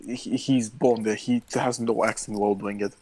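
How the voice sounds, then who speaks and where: A man's voice: fairly low pitch, fairly even intonation, moderate pace, over a noisy crowd. Blunt, foul-mouthed young man podcaster. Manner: blunt, heavy swearing storyteller. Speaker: podcast co-host. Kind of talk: casual chat.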